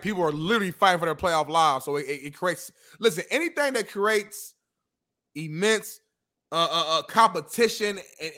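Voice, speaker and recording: A man's voice: sits high, bright, forceful tone. A man co-hosting a casual sports talk show, arguing his points and often repeating words as he talks. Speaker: co-host.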